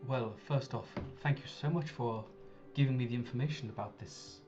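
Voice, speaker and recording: A man's voice: medium pitch, normal speed. A man playing a tabletop game, speaking politely and eagerly in character. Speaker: player. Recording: muffled, with music behind.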